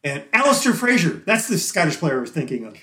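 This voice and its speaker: A man talking as a guest musician in a casual interview, rambling and chatty and quick to laugh. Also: on the high side, sing-song, a crowd in the background. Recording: roomy echo.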